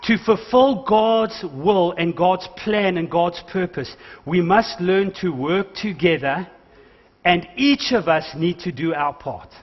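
A man's voice: sits high, slow pace. A man preaching a sermon as pastor, emphatic and calling out to his congregation, mixing in jokes. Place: church hall. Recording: dull church recording with long hall reverb.

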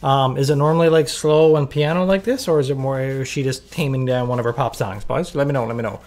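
A man from Newfoundland hosting a reaction video, excitedly chatting to his viewers about the performance. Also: medium pitch, quick pace. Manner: excited, keeps addressing viewers as "boys". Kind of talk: casual reaction commentary.

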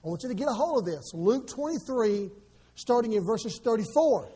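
A male pastor preaching a sermon, with sudden loud swells and quick asides. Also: very high voice, lively intonation, husky.

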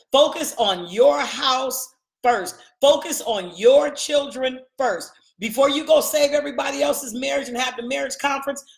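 High-pitched woman preaching in an echoey room. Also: a bit bright. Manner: preachy call-and-response, repeating phrases, emphatic. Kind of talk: sermon.

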